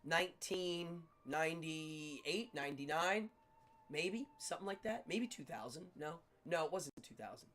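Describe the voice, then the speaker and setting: A middle-aged man hosting a livestream, telling stories in a casual, animated way with frequent laughter. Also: a little high, measured pace. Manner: animated, laughs often, acts out quotes. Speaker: livestream host. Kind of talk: casual storytelling chat.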